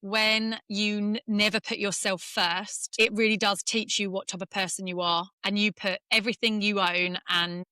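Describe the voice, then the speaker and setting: A woman's voice: mid-range voice, level tone, normal speed, hardly any pauses, sharp tone, clean tone, dry recording. A woman from England, a former golfer, candidly telling an emotional personal story in an interview, close to tears at times.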